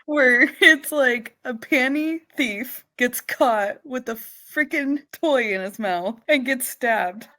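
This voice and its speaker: A woman's voice: high voice, slow pace, few pauses, bright, forceful tone. A woman co-hosting a casual chat, who reacts in a blunt, emphatic way.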